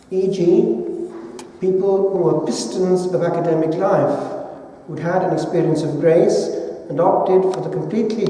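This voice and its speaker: A priest from England gives a sermon in an unhurried, deliberate delivery. His voice sits high and warm. It comes from far off, with a long echo of a large church hall.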